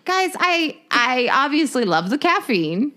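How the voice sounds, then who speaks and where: A woman's voice: high-pitched, very animated, a little slow, sharp tone. A young adult woman co-hosting a podcast in casual chat, bubbly and laughing often as she talks to listeners. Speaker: podcast co-host.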